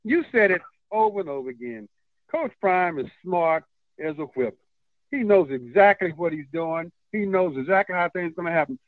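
A male coach calls into a radio show over a tinny phone line, speaking earnestly and emphatically with hesitant fillers. His high-pitched voice has lively intonation and normal speed, and the recording is dry.

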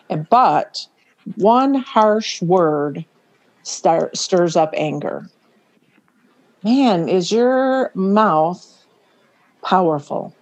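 A middle-aged woman co-hosting a faith podcast, chatting casually, laughing often and slowing down to stress words. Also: lowish voice. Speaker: podcast co-host.

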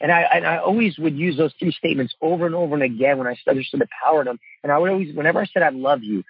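A man's voice: on the high side, very fast, breathy edge, no echo, narrow, tinny audio. Earnest man full of "you know"s. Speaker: guest, father and coach. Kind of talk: casual interview talk.

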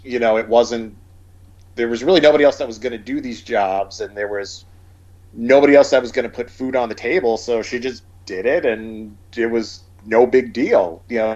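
A man's voice: on the low side, highs cut off. A man in casual conversation, talking at length with many fillers and restarts. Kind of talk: casual chat about movies.

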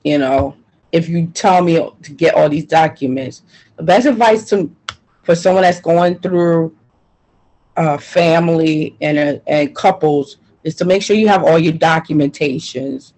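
A woman's voice: sits low, unhurried, darkish tone, low-quality recording. Frustrated New woman recounting hardship. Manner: frustrated, emphatic, repeats herself. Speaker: interviewee. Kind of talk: personal testimony interview.

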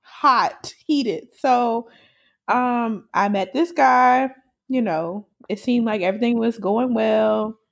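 A woman casually telling a story on a podcast, animated and laughing often, swearing freely. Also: on the high side, slow pace, gravelly.

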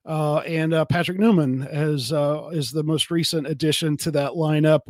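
A male podcast host with a slightly high voice and a dry, close sound. He asks questions haltingly and piles on fillers. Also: fairly even intonation, a little mellow, dry recording. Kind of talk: casual podcast interview.

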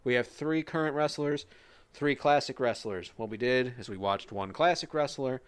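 A man's voice: mid-range voice, moderate pace, clear, resonant tone, no room sound. A man co-hosting a casual wrestling podcast, joking and swearing as he rambles through predictions. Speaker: podcast co-host.

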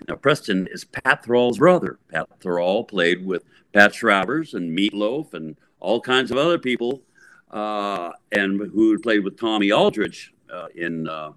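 A middle-aged man, a guest musician, telling a long story in a casual interview, rambling and animated with frequent restarts. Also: sits low.

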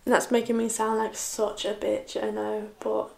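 A young woman talking to camera in a personal confessional vlog, halting and tearful, often breaking off and restarting her sentences. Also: mid-range voice, completely flat delivery, vocal fry, roomy sound. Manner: halting, many restarts and soft trailing phrases. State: tearful, upset. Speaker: vlogger.

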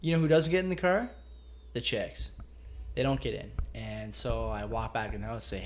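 A man casually telling a long anecdote on a podcast, swearing freely and animated. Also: lowish voice, fast talker, gravelly, a little hiss or hum. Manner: profane, animated retelling with acted quotes. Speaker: storyteller guest.

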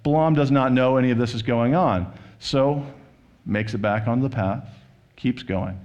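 A male pastor giving a sermon, retelling and reading a scripture story in a relaxed, conversational manner. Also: medium pitch, moderate pace, dull audio. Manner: conversational storytelling, paraphrasing scripture with quoted voices.

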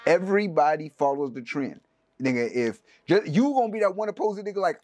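A man's voice: high voice, animated, quick pace, a little mellow, no room sound. A man co-hosting a podcast in casual chat, emphatic and slangy, repeating himself to drive his points home. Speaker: podcast co-host.

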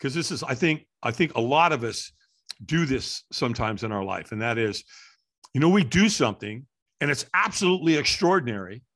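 Lively husky middle-aged man telling a story. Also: medium pitch, fairly quick. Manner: lively, acts out quoted voices and shouts. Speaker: interview guest, firewalk instructor. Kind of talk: animated storytelling in an interview.

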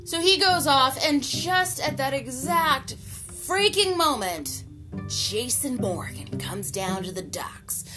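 Animated gossipy woman recapping a show. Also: takes it slowly. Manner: animated, gossipy storytelling with slang and swearing; jumps to high, loud pitch for excited retellings. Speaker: soap opera recap vlogger. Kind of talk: casual recap chat. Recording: music playing clearly behind the voice.

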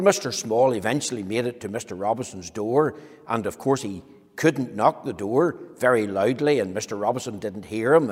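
A man gently telling a story to children as part of a talk, speaking slowly. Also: mid-range voice, slightly rough. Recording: echoey hall with long reverb.

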